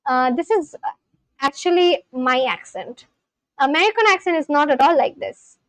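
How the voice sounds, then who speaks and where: A woman's voice: sits high, animated, normal speed, a bit bright, dry recording, poor audio. A young Indian woman with an Indian English accent, a native Marathi speaker, chatting casually on a livestream and answering her chat with lots of ums and likes. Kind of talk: casual live-stream chat.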